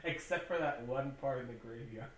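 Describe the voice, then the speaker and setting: A man's voice: mid-range voice, moderate pace, a little hiss or hum. A man on a podcast recapping a movie in casual chat, swearing constantly and acting out what the characters say. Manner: profane, rambling retelling with acted-out quotes. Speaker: podcast co-host. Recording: echoey room, mic at a distance.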